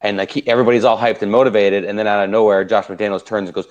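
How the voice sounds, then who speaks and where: A man with a very low voice talks through his football picks in a loose, rambling way. He is a podcast co-host, full of fillers and restarts. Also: fairly even intonation, racing, few pauses, a little mellow, muffled recording. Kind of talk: casual sports picks chat.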